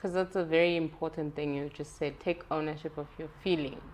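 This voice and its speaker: Relaxed young woman hosting a chat. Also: low-pitched, a little fast. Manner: relaxed, probing, laughs easily. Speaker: host. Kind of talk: casual interview. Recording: faint background noise.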